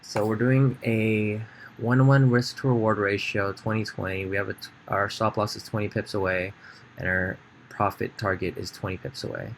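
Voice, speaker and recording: A man's voice: fairly low pitch, little pitch movement, normal speed, slight background noise. A man giving a casual screen-share trading tutorial, thinking aloud with fillers and restarts. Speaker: trading educator.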